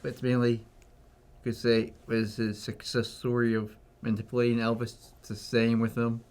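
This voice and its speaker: Flat-toned laid-back man. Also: medium pitch, moderate pace. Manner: laid-back, brief agreeing replies. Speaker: co-host of a film review podcast. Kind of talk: casual movie review chat.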